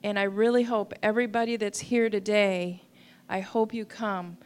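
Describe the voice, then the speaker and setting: A woman steps up to make an announcement during a church service. She talks hesitantly, pausing on fillers as she finds her words. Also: medium pitch, fairly even intonation, smooth. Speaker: church member making an announcement.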